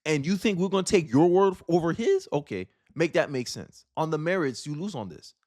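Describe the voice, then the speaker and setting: Man, political commentary vlog, emphatic, informal, rhetorical questions, slightly high voice. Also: animated, fairly quick, a little mellow.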